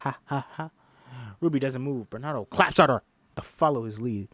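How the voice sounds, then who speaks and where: A man reading a film script aloud in a casual way, with lively, self-deprecating asides. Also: medium pitch, moderate pace, no echo, clean studio sound. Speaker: script reader.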